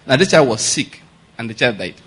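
A man's voice: mid-range voice, lively intonation, brisk, fairly bright tone, breathy edge. A male pastor, preaching a conversational sermon and often checking that listeners follow. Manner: conversational preaching, keeps asking if the audience gets his point.

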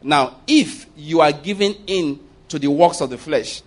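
Male preacher, higher register, emphatic sermon delivery, calls for amens. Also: unhurried. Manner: emphatic, asks the congregation for amens, laughs mid-point.

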